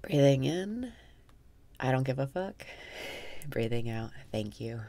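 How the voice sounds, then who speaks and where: Woman, meditation guide; low, creaky, unhurried delivery, soft and half-whispered, self-mocking. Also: expressive, no echo. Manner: slow, soft-spoken, often dropping to a whisper, with wry self-mocking laughs.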